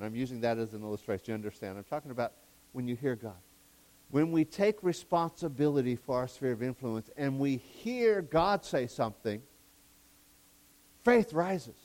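A mid-range male voice delivers an excitable sermon, alternating fervent loud bursts with hushed asides. He chuckles at his own jokes and keeps walking back his phrasing.

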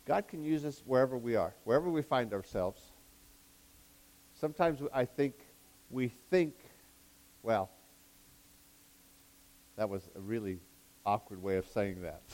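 This sermon comes from a mid-range male voice, a little slow and with long pauses. He's excitable, swinging between fervent loud bursts and quiet asides, laughing at his jokes and walking back his words.

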